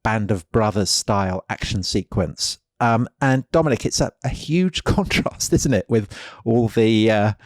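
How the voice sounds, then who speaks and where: Male co-host with a lower voice who chats and throws in jokes and questions. Dry, close mic. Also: measured pace, hardly any pauses, dry recording. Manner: chatty, quips and prompts his co-host. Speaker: history podcast co-host. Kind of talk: casual conversation.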